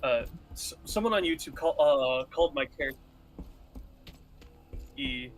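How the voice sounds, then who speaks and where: A man's voice: a little high, expressive, a little slow, a little hiss or hum. A man hosting a casual gaming stream, rambling and laughing often with friends. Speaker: streamer host.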